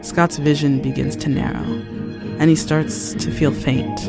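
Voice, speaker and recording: A male narrator reads scripted story narration in a measured, plain delivery. His voice sits a little above the usual male range. Music plays steadily behind him. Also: a little high, little pitch movement, gravelly. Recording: music underneath.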